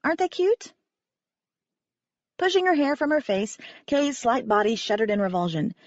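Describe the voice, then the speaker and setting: A woman narrating a first-person audiobook in a wry, animated manner. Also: on the high side, brisk, no room sound, lo-fi sound.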